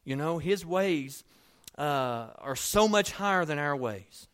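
A man preaching a sermon in a conversational, storytelling way, dropping to soft asides and rising to emphatic points. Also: fairly high pitch, expressive, slow, smooth. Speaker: pastor.

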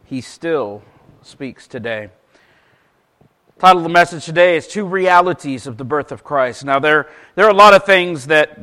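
A man with a notably high voice delivers a sermon from the pulpit. He moves easily between relaxed storytelling and a loud, rising delivery when he reads Scripture aloud. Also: low-quality recording. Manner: relaxed storytelling with jokes, grows loud and emphatic reading Scripture. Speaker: pastor.

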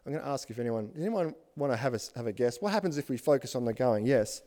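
Pastor preaching in a reverberant hall. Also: male voice, medium pitch, expressive, quick pace, mellow. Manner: asks the congregation questions, emphatic lists. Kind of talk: sermon.

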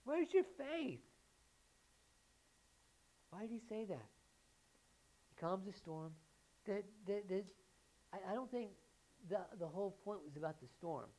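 A woman preaching a sermon who keeps asking the listeners questions and builds to loud, emphatic peaks. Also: medium pitch, moderate pace, rough recording.

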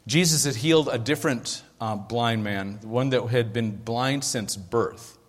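Pastor preaching in a reverberant hall. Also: male voice, mid-range voice, unhurried. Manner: conversational, checks in with the audience. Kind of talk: sermon.

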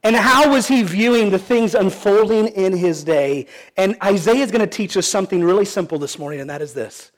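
A man's voice: high-pitched, a little fast, hardly any pauses. A pastor preaching a sermon in an earnest, pleading way, asking the congregation questions and often restarting his sentences.

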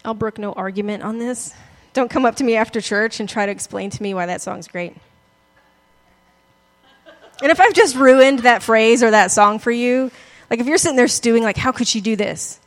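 A woman's voice: fairly high pitch, moderate pace. A woman pastor giving a conversational, self-deprecating sermon, often laughing as she talks.

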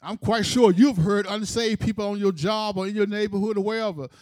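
High-voiced emphatic male preacher. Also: a little fast, a little mellow, no echo, clean studio sound. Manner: storytelling, emphatic, rhythmic phrasing. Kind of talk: sermon.

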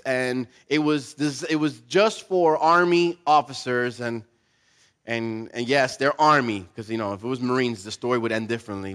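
A man preaching a sermon, telling a story and acting out the voices in it, asking his listeners questions. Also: mid-range voice. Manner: animated, acts out quoted voices, asks the audience questions. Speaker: pastor.

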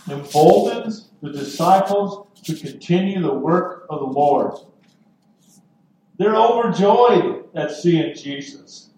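A man preaching a sermon as pastor, earnest and deliberate, with dramatic pauses. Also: fairly high pitch, a little mellow. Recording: echoey room from far off.

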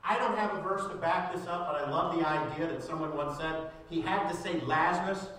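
A male pastor preaching a sermon with fervor, often raising his voice at the high points. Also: steady tone, a little fast, fairly bright tone. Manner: fervent, rising to raised voice at climaxes. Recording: echoey room heard from a distance.

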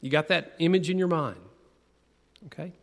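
A man giving a conversational sermon, asking the audience questions and slowing down to lean on key words. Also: a little high, gravelly. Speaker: preacher. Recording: long reverb of a large hall.

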